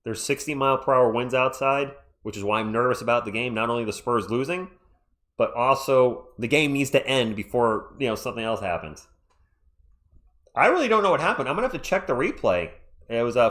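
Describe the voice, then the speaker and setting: A man doing live fan play-by-play from home on his own mic, excitable and chatty, breaking off to talk to his chat. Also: medium pitch, a little fast. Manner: excitable, chatty, jumps between game calls and asides to chat. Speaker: livestream play-by-play commentator. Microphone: own microphone.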